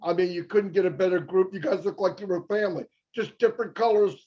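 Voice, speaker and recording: Effusive older man, high voice. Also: fast, highs cut off. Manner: effusive, repetitive, joking. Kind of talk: casual motivational talk.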